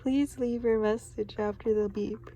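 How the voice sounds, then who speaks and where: A woman's voice: fairly high pitch, fairly even intonation, a little slow, mellow, a little hiss or hum, lightly acted. Patrick, a goofy starfish playing doctor, read by a woman. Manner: breaks into laughter while reading. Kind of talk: storybook read-aloud.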